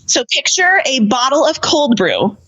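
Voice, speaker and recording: Female podcast co-host, lively intonation, playful and chatty. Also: high voice, measured pace, lo-fi sound. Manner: playful, wordy, reads out news items. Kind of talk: casual chat.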